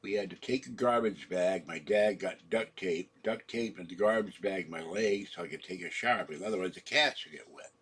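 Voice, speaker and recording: A man's voice: low voice, brisk, few pauses, fairly bright tone, breathy edge. A man in his seventies telling a meandering personal story, trailing off and correcting his own words, his throat sore from coughing. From San Francisco. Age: 70s. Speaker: channel host.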